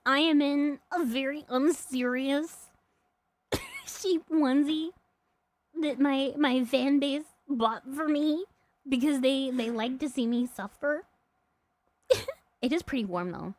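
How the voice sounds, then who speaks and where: A woman's voice: sits high, takes it slowly, long pauses, slight background noise. A woman streamer chatting casually and rambling, laughing often and snacking as she talks. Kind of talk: casual live-stream chat.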